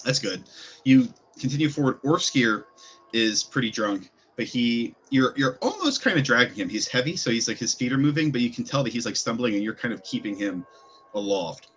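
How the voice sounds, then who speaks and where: A man's voice: mid-range voice, expressive, fairly quick, fairly bright tone, husky, lo-fi sound. A man narrating a tabletop game as game master, in a casual manner full of fillers.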